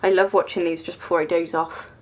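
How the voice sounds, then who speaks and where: A woman's voice: on the low side, little pitch movement, fast talker, darkish tone. Chatty, rambling woman vlogger. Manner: chatty and rambling, self-mocking, many ums. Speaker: tarot deck reviewer. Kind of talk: casual vlog review.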